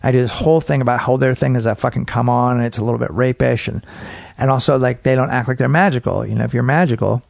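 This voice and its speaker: Speaking quickly in a creaky, mid-range voice, this middle-aged comedian guest spins a long, foul-mouthed story in relaxed conversation. He's animated and acts out parts of it, recorded through a podcast mic in a home studio man cave with no room sound.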